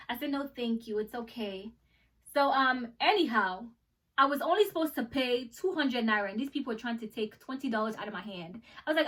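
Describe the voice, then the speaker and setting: A young American woman telling a travel story in a casual vlog, animated and acting out the people she met. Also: on the high side, brisk, distant mic. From United States. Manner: animated, acts out voices in the story. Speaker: travel vlogger.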